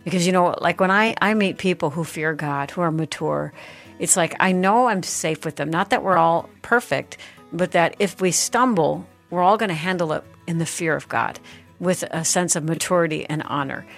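A woman's voice: lowish voice, normal speed, faint music behind. A woman hosting a Christian radio talk show, speaking in an earnest, conversational way and asking probing questions.

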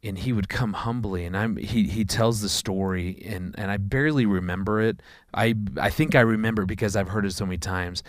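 A man, a father of four, telling a personal story in a conversation, earnest and halting, often repeating words. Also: on the low side, no echo, clean studio sound.

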